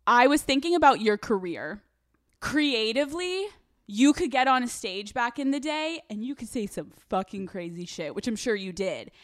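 A woman's voice: a little high, animated, normal speed, no echo, studio quality. A young woman from Pennsylvania hosting a podcast, chatty, profane and openly starstruck with her guest. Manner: bubbly, profane, fangirling. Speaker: podcast host. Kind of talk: casual interview chat.

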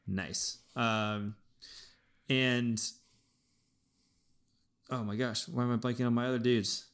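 A man co-hosting a sports podcast, thinking aloud in an animated way with frequent restarts as he breaks down his team's football season. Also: mid-range voice, takes it slowly, clean tone. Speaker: podcast co-host. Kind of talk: casual sports podcast analysis.

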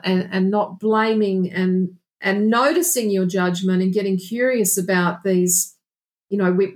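Earnest, reflective woman therapist talking. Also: mid-range voice. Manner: earnest, reflective, with frequent restarts and "you know". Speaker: guest, past life regression therapist. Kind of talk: casual conversational interview.

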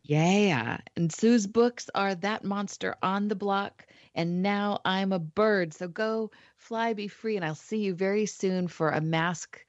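A woman's voice: mid-range voice, slow pace, hardly any pauses, dry recording. A woman hosting a program, gushing with enthusiasm and thanks as she talks with her guest. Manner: effusive, enthusiastic. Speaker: host. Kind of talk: casual interview. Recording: dull, dry sound.

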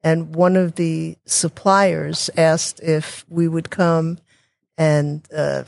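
A woman talking as a guest in a casual interview, chatty and quick to restart her sentences, with sarcastic asides. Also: low-pitched, little pitch movement, gravelly, darkish tone, no room sound. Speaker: guest, technology consultant.

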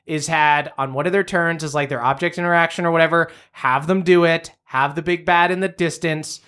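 A man co-hosting a casual comedy chat, animated and swearing, explaining how a dungeon master should run a scene. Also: fairly high pitch, brisk, clean tone. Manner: animated, swears, laughs into shouts. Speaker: podcast co-host, dungeon master.

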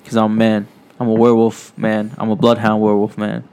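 A man's voice: lowish voice, monotone, brisk, darkish tone, clean tone, pitched below the performer's own voice, close to an everyday voice. A man voicing a brash, swaggering bloodhound werewolf man who curses and boasts, in improvised comedy storytelling. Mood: boastful. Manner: cursing, boastful.

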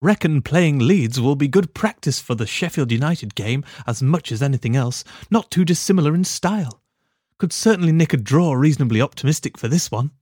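A man putting on the voice of a posh, regal English gentleman as he reads a post aloud, with a stiff, mock-grand delivery. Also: fairly high pitch, expressive, fairly quick, slightly rough, no room sound, studio quality, pitched above the performer's own voice.

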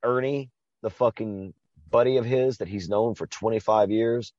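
A man's voice: fairly low pitch, steady tone, normal speed, darkish tone, no echo, lo-fi sound. A man co-hosting a podcast, chatting casually about a horror film, swearing and laughing a lot. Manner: crude, laughing, swearing often. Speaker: podcast co-host. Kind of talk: casual movie chat.

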